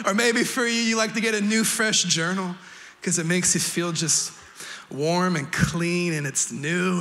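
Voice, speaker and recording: High bright guy pastor doing a lively, jokey sermon in church, gets loud sometimes. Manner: energetic, playful, humorous preaching with bursts of shouting. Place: church sanctuary.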